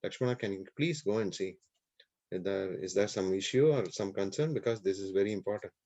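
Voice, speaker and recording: A man voicing a calm, noble divine king who speaks softly and in a measured way. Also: deep voice, voice pushed down. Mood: concerned. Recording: dull lo-fi recording.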